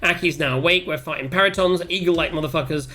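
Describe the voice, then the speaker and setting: A man chatting excitedly as a player wrapping up a tabletop game session, swearing freely. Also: on the high side, fast. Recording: faint music behind.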